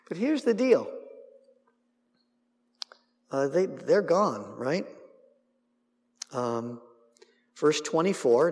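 A man's voice: mid-range voice, sing-song, takes it slowly, pauses often, darkish tone. A male preacher teaching verse by verse through a Bible passage, acting out the dialogue and adding humorous asides. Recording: long reverb in a hall.

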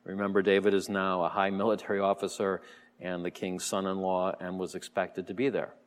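A man's voice: deep voice, a little fast. Man teaching scripture in a reverberant hall. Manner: relaxed, explanatory, frequent "uh" fillers and soft chuckles. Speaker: Bible teacher. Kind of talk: verse-by-verse sermon teaching.

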